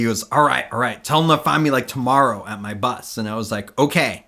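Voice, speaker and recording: Casual podcast host, male, bright tone, chatty storyteller who acts out the quotes. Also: mid-range voice, quick pace. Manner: rambling, many fillers, acts out quotes.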